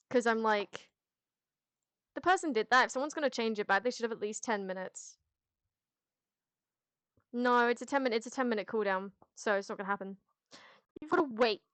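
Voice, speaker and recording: A woman streaming on a headset mic, chatting with her viewers in a loose, rambling way. Her voice sits a bit higher than most, and she often restarts sentences and swears casually. The sound is close and dry. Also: a bit bright, no echo. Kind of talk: casual livestream chat, answering chat.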